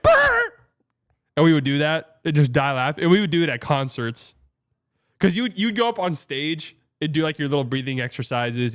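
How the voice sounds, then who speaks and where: A young man hosting a casual livestream, rambling through a story, laughing often and swearing. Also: a little high. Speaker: streamer and show host.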